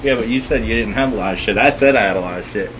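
A man's voice: lowish voice, very fast. A middle-aged man filming a move, joking and teasing in casual banter with frequent laughs. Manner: playful, joking, laughs often. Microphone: handheld camera. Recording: music playing over the talk.

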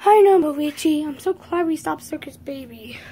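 Casting: a woman doing a short-tempered plumber hero, curt and irritated, for a homemade toy video, high but dropped down a bit. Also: moderate pace, warm tone. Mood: relieved.

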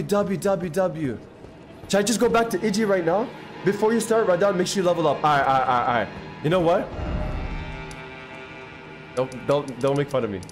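Excitable young-sounding male gaming streamer. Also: fairly high pitch. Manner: excitable, slangy, thanks viewers constantly. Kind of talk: casual live-stream chat while gaming.

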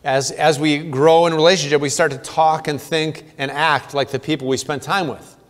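Male pastor, earnest sermon delivery, slightly high voice, church-hall reverb. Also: fairly bright tone. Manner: earnest preaching, reading scripture aloud, playful asides. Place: church sanctuary.

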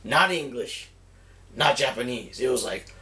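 Man, middle pitch, casual profane storyteller, rambling and animated; slightly distant mic. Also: a little slow. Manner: rambling, heavy swearing, animated retelling. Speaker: cigar reviewer telling a story.

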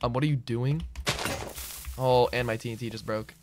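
Over background music and a very noisy recording, a medium-pitched man at normal speed streams a game he's playing. He owns the server and casually fields viewer questions aloud, saying "bro" again and again in a laid-back way.

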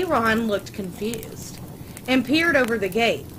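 A woman reading a crude comic fan story aloud in a deadpan, unhurried way. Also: mid-range voice. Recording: noisy background ambience.

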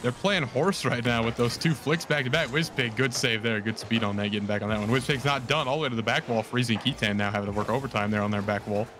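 A man calling esports play-by-play in a quick, rambling way, often correcting himself mid-sentence. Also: mid-range voice, noisy background. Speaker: play-by-play caster.

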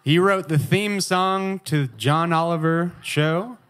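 A man's voice: a little high, slow pace, a bit bright, a little hiss or hum. A man introducing the next act from a club stage as emcee.

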